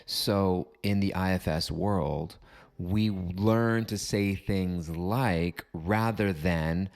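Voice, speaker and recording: A man with a very low voice hosts a reflective solo podcast. He talks calmly and deliberately, building his points through repeated parallel phrases on a close microphone. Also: creaky. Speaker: podcast host.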